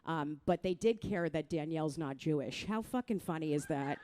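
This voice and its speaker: A middle-aged woman from New Jersey doing a crude, self-mocking stand-up set, talking straight to the crowd and jumping into loud mock voices. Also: low voice, lively intonation, moderate pace. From New Jersey, USA. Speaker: stand-up comedian.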